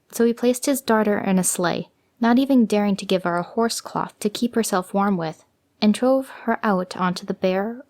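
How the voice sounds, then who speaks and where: A woman narrates an old fairy tale with gentle, expressive delivery. Her voice sits at an ordinary middle pitch. She reads in a calm storybook manner.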